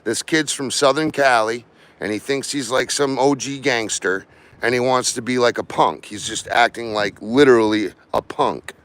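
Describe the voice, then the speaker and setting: A man's voice: mid-range voice, moderate pace, a bit bright. A man who works as a carpenter, chatting casually and rambling to viewers while working, with some angry outbursts. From Maine, US.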